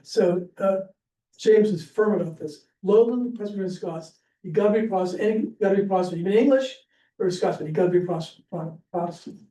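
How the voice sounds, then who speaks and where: A man's voice: sits high, brisk, mellow. A man teaching an informal history class at church, chatty and rambling, with lots of fillers and restarts. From Pennsylvania. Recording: echoey room, distant mic, faint hiss.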